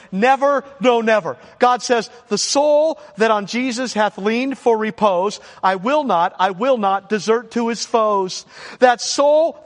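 High-voiced male pastor in echoey hall. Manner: fervent, repetitive emphasis. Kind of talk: sermon.

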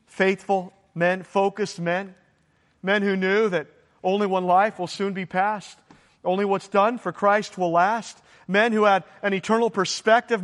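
High-voiced preaching man, echoing room. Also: fairly bright tone. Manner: emphatic preaching with rhetorical questions. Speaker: pastor. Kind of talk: sermon.

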